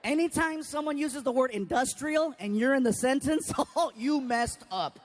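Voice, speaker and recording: A woman telling a stand-up comedy story, animated and acting out voices and sounds. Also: sits high, moderate pace, a little hiss or hum.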